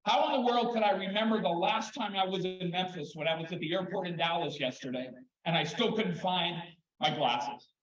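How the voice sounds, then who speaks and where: An older man speaks in a high, light voice, telling stories with lively, animated pacing and long dramatic pauses. He is giving a keynote talk in a large hall, and his voice echoes around the room. The recording sounds a little dull and muffled. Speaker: keynote speaker, children's therapist. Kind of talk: storytelling conference talk.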